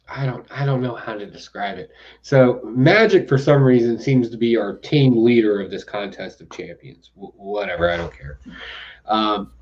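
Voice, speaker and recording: A man's voice: medium pitch, darkish tone, dull audio. A man hosting a comic book podcast, chatting casually with sarcastic asides and frequent laughter. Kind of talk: casual comic review chat.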